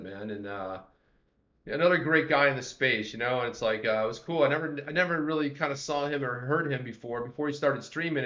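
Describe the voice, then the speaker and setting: On a livestream with roomy, slightly dull audio, a male co-host with a mid-range, fairly bright voice chats casually. He rambles and greets viewers by name.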